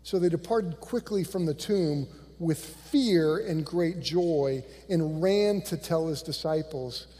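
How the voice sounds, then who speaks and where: A male pastor preaching a sermon, animated and conversational, swinging from loud bursts to hushed lines and acting out quotes in a church. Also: on the high side, takes it slowly, long reverb tail. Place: church sanctuary.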